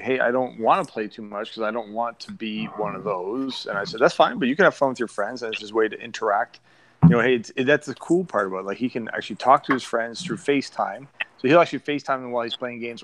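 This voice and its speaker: In a rough recording, a man with a mid-range, slightly bright voice chats casually on a podcast about his son. He rambles and halts, restarting his sentences again and again.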